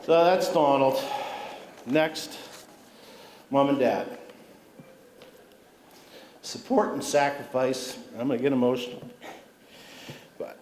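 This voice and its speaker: A man's voice: mid-range voice, slow pace, long pauses, slight background noise. A middle-aged man giving an acceptance speech at an awards ceremony, telling family stories with humor. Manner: warm anecdotal storytelling with humor. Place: large civic hall. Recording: roomy hall with faint ambience.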